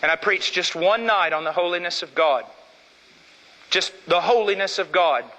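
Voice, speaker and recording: A man delivers a forceful, emphatic sermon, pressing home each point with repetition. His voice sits high and sounds bright and sharp. A long reverb from a large hall trails behind every phrase. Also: moderate pace. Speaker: preacher.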